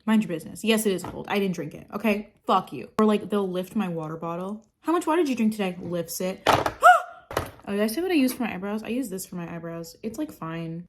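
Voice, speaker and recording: A woman chatting casually through her makeup routine, rambling and sarcastic, swearing freely. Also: medium pitch. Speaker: makeup vlogger. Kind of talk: casual get-ready-with-me chat.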